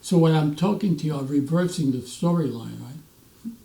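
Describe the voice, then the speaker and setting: A man in his nineties, a veteran, telling animated stories in an interview and acting out the voices of others. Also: fairly high pitch, normal speed, gravelly. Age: 90s. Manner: animated storyteller, acts out quoted voices, restarts often. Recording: roomy echo, mic at a distance.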